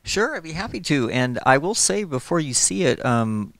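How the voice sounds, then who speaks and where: A man's voice: a little high, sing-song, moderate pace, fairly bright tone, no room sound. A middle-aged man, an animator, talking casually in an interview, friendly and rambling with lots of fillers. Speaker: animator and storyboard artist. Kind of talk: casual interview, explaining his work.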